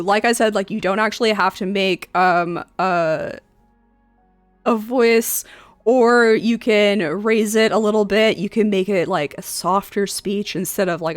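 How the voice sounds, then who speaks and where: Rambling woman with a dry close sound. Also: no echo. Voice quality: voice neither very high nor very low. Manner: rambling, many fillers and restarts. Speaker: streamer and game master. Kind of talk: casual chat reading forum posts aloud.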